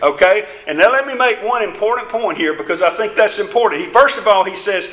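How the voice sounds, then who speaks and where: Guy preaching a sermon, folksy and emphatic, highish voice, echoey church sound. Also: lively intonation, fairly quick, few pauses, bright, forceful tone.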